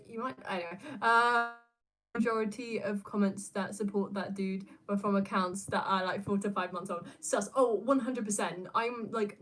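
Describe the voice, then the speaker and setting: A young adult woman, chatting casually on a livestream and answering viewer questions, rambling with lots of fillers and restarts. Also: mid-range voice. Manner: rambling, many fillers and restarts, laughs often.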